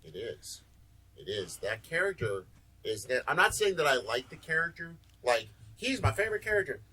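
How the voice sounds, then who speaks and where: A man's voice: fairly high pitch, very animated, normal speed, bright, forceful tone, husky, low-quality recording. A man hosting a casual podcast, ranting and joking. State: sore back. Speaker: podcast host.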